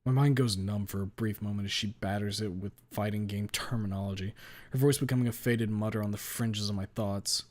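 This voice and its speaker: A man reading a first-person story aloud with a blunt, deadpan delivery and casual swearing. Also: lowish voice, brisk. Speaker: story reader.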